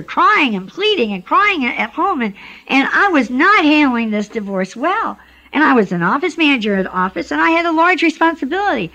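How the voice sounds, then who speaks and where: A woman's voice: medium pitch, fairly bright tone. A woman tells her story of faith to a church congregation. She speaks earnestly, with feeling and a preacher's push. The recording is dull and lo-fi. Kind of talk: personal testimony to a congregation.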